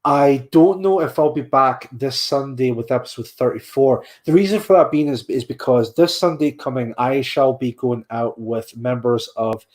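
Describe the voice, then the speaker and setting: Signing off a podcast livestream, a male host sounds tired, yawning as he rambles and repeats himself in this casual farewell. His voice is medium in pitch with a darkish tone.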